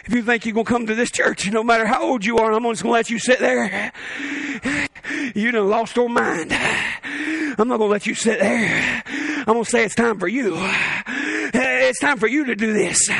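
High, gravelly shouting preacher man. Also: no echo. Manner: fervent, shouting bursts with chuckles and folksy asides. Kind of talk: revival sermon. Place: church sanctuary.

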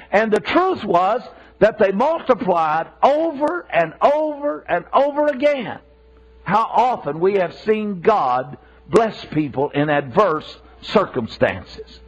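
A man preaching a sermon with passion, repeating himself for emphasis. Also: high voice. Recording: dull lo-fi sermon recording.

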